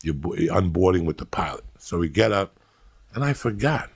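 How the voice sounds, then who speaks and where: A middle-aged man with a New York accent, telling a loud, profane story as a comedian. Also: low-pitched, lively intonation, a little fast, creaky, husky. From New York City.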